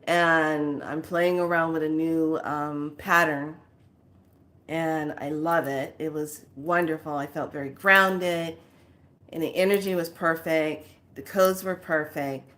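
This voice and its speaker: A woman's voice: low-pitched, fairly even intonation, takes it slowly, fairly bright tone. A woman hosting a casual spiritual talk, telling a family story animatedly and laughing often. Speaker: spiritual teacher and host.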